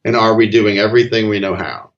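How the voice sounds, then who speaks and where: A man's voice: on the low side, steady tone, fast talker. A middle-aged man talking casually, earnest and emphatic, telling a personal story. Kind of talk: casual conversation. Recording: slightly dull lo-fi audio.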